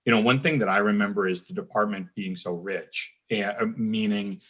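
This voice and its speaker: A man's voice: on the low side, fairly even intonation, normal speed, fairly bright tone. A man in his fifties, an alumni guest, casually reminiscing and telling a rambling story full of ums and restarts.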